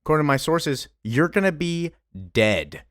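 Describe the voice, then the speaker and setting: A man's voice: fairly high pitch, expressive, normal speed, a bit bright, no room sound, studio quality, pitched above the performer's own voice. A man playing a smug time traveler.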